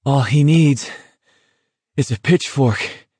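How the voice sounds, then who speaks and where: A man's voice: medium pitch, flat delivery, a little slow, dry recording, lightly acted. A man voicing a breathless, weary young man. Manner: soft, breathless.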